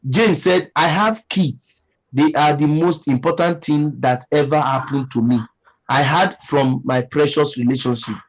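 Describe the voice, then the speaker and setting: A man with a Nigerian English accent hosts a livestream chat, talking in a slightly high voice. His delivery is preachy and emphatic, and he repeats his points as he reads viewer comments. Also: a little slow, dull audio. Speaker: livestream host.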